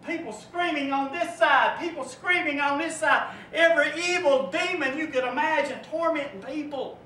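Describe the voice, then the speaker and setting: High, bright-voiced man preaching. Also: normal speed. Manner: vivid storytelling, rising and dropping to a hush. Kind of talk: sermon. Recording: echoey room, from far off, faint noise.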